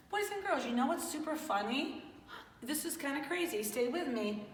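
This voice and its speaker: A woman's voice: high-pitched, animated, moderate pace. A woman teaching young children in an online class in an upbeat, coaxing, sing-song manner. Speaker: kindergarten teacher. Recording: roomy echo, distant mic, faint ambience.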